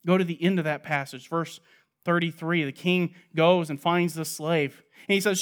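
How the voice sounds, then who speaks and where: A man preaching an expository sermon, asking rhetorical questions and answering them, moving between loud stress and quiet, low asides. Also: fairly even intonation, moderate pace, clean tone.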